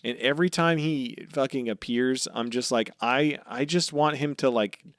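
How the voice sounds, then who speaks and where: A man co-hosting a casual podcast, excitable and profane, often acting out characters' lines. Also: medium pitch, normal speed, no echo, clean studio sound. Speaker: podcast co-host.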